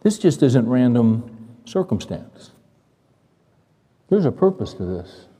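Man, pastor, sermon, conversational preaching, repeats phrases, questions the congregation, fairly high mellow voice, long church reverb. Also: big pitch swings, slow, breathy edge.

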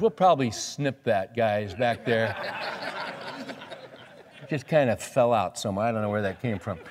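A man's voice: on the low side, lively intonation, moderate pace, pauses often. A man preaching a sermon in a folksy, conversational way, reading scripture and talking plainly to the congregation. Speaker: pastor. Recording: reverberant hall recording.

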